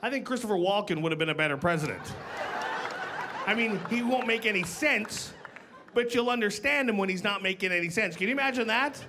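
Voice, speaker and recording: A man's voice: sits high, lively intonation, a little fast, noisy background. Upbeat man doing stand-up on stage. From Canada. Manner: punchy, playful delivery with voiced impressions. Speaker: stand-up comedian. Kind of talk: stand-up comedy set. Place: comedy club stage with live audience. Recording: live club recording with audience laughter.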